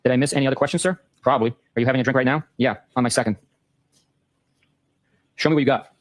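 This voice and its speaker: A man hosting a show, reading a long exchange of text messages aloud in a brisk, matter-of-fact way. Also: mid-range voice, no room sound. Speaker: host.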